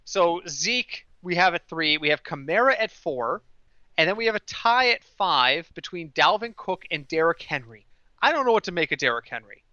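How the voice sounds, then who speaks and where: Bright animated male podcast host. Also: fairly high pitch, normal speed, dry recording, dull audio. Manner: animated storyteller, mimics others in quoted voices. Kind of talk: casual podcast chat.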